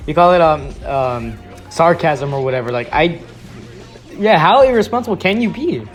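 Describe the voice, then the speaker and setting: A man's voice: a little high, expressive, normal speed, soft background music. A man giving an exasperated ranting commentary on viewer comments, swearing often and restarting his sentences. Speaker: YouTube commentator.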